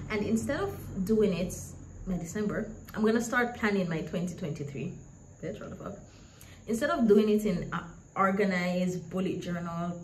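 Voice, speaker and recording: A woman's voice: on the low side, a little mellow, poor audio. Candid woman rambling in a vlog. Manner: rambling, candid, laughs and swears casually. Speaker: vlogger. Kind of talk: casual vlog chat. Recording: background noise.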